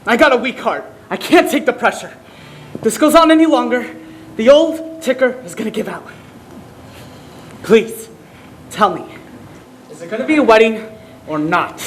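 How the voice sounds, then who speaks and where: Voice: medium pitch, lively intonation, moderate pace, pauses often, lightly acted. An actor playing a nervous, wisecracking producer with a brash manner. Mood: anxious. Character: nervous, fast-talking producer with a weak heart.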